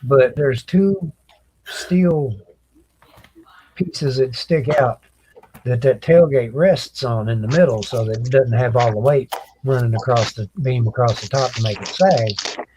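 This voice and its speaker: Casting note: male co-host, easygoing plain talker, unhurried storytelling. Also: medium pitch, dark tone, a little hiss or hum, low-quality recording. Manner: laid-back, plainspoken, drawn-out telling. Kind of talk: casual storytelling.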